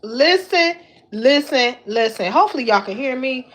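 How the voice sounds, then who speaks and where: A woman hosts her own commentary, talking in a high voice full of slang. She is animated and exclamatory, circling back on the same words again and again as she talks straight to her viewers. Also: normal speed. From Detroit. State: slightly winded while lifting weights. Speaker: YouTube commentary host. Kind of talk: casual commentary chat.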